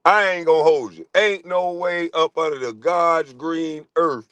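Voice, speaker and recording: Higher-voiced guy doing a loud mocking live stream, dry close mic. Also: steady tone, a little slow, dry recording. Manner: brash, teasing, mocking; swings into high shouted mock voices. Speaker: livestream host. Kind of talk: casual live-stream commentary.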